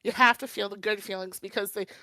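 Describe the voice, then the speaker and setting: A woman's voice: medium pitch, fast talker, no room sound, rough recording. A young woman co-hosting a casual podcast, gushing dramatically with frequent laughter and swearing. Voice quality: laughs often, animated storytelling. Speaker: podcast co-host. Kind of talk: casual chat.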